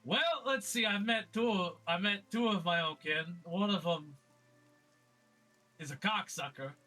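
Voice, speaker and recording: A brash, hot-tempered brawler with a crude mouth, played by a man in a tabletop game. The voice sits high and bright, and he rambles through long, profane rants. Music plays faintly behind him. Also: unhurried. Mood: grumbling. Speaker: player voicing his character.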